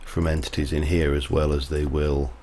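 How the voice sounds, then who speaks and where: A very deep, mellow male voice keeps a level tone at a moderate pace, with a little hiss or hum. This livestreamer chats casually while playing, rambling and wandering off into side stories as he goes.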